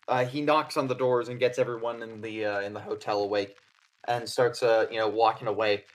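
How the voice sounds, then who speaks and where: A man's voice: lowish voice, fairly even intonation, brisk. A man narrating a tabletop horror game as game master, loose and casual with fillers.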